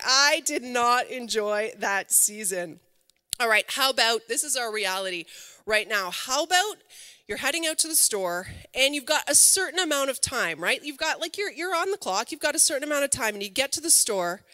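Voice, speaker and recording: Bright-voiced woman pastor preaching. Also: fairly high pitch, big-room sound. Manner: lively, conversational preaching with rhetorical questions. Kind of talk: sermon. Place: church hall.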